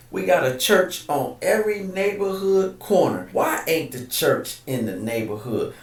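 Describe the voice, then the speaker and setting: A man from hosting a podcast, delivering an impassioned monologue of rapid-fire, indignant rhetorical questions. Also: medium pitch, far from the mic. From Detroit. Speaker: podcast host. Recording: echoey room, voice set back from the mic.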